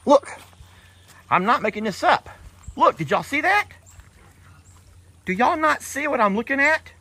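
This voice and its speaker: Excitable man on an outdoor vlog. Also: very high voice, measured pace, very noisy. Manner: excitable, often shouting. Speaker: vlogger with animals. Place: outdoors by a creek.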